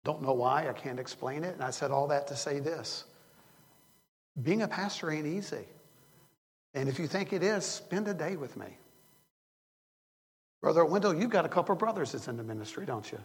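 Older man, pastor, earnest rambling sermon, gravelly, reverberant church. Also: on the high side, lively intonation, a little fast, long pauses. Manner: earnest, rambling with repeated restarts. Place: church sanctuary.

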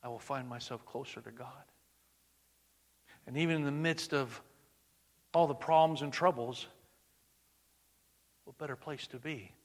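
A man preaching a sermon, swinging between loud emphatic bursts and hushed, near-whispered lines. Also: medium pitch, measured pace, long pauses.

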